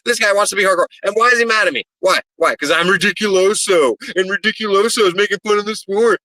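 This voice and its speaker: A man's voice: high voice, fast talker, hardly any pauses, pushed and bright, no echo, poor audio. A man, a pro wrestler, cutting a brash, profane promo and rambling and stammering through interview answers.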